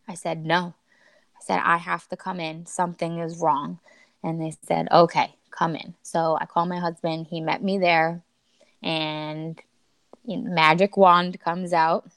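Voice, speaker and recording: Podcast guest: young woman, low-pitched, chatty, quotes herself a lot. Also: dry recording. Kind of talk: personal storytelling.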